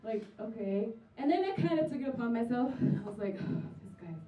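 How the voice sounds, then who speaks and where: Performing stand-up at a comedy venue, a young woman talks fairly quickly in an animated, fairly high voice, mocking and acting out characters from her anecdotes. Slight background noise sits under a distant, roomy, muffled live recording.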